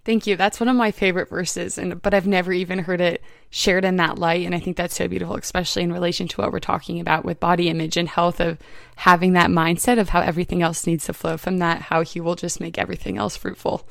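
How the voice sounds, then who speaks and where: A young woman hosts a faith conversation in a gentle, affirming tone, her voice low and edged with fry. The recording is dry and close, with no room sound. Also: flat delivery, quick pace, no echo. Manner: soft-spoken, gentle, affirming. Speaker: podcast host. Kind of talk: faith-based interview conversation.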